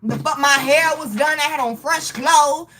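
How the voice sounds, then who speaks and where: High bright-voiced woman telling an animated story. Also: normal speed, a little hiss or hum. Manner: animated, profane, emphatic storytelling with frequent laughter. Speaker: livestream host. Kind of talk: casual storytelling rant.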